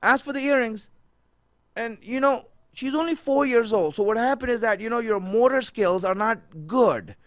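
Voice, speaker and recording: A man with a high-pitched voice delivers a sermon, repeating his phrases and climbing from hushed tones to near-shouts. The sound is dry and close, with little room echo. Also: normal speed. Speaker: preacher.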